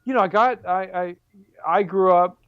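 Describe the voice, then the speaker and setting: A man's voice: high-pitched, moderate pace, clean tone, no room sound, dull audio. A man in his forties, a comic book artist and writer guesting on an interview show, talking casually with many fillers and restarts. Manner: rambling, self-deprecating, many fillers and restarts.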